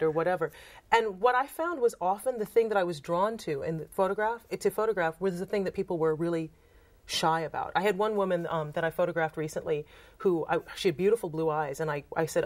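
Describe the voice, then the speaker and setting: In a fairly quick, lowish voice, a woman from Trinidad recounts anecdotes for an interviewer in a casual tone. A photographer and author, she tells her stories with animation and plays out the quoted dialogue.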